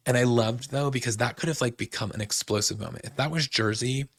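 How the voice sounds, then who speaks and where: A man's voice: medium pitch, brisk, no echo, studio quality. A young man hosting a podcast, chatting casually with lots of fillers as he recaps shows. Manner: chatty, fillers like "like" and "um", quotes people. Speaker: podcast host.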